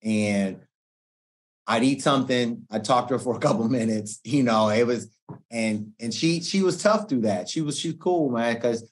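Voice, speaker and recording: A middle-aged man, a guest coach, telling stories in a relaxed podcast chat, slangy and animated, often acting out what people said. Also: medium pitch, normal speed. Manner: animated slangy storytelling, acts out quoted speech. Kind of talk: casual podcast conversation.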